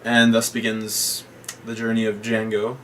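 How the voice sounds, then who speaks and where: A man's voice: on the low side, completely flat delivery, measured pace, a bit bright. Man rambling through a movie plot, distant mic. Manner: rambling retelling, quoting characters in voices, laughs often. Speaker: podcast co-host. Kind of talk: casual movie review chat. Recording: distant mic with faint noise.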